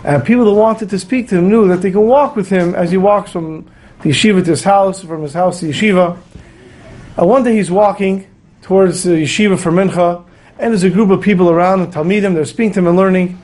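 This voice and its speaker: A rabbi leads his weekly Torah class with an earnest lecture, telling stories and acting out the quotes. His voice is high, a little fast, and somewhat dark in tone.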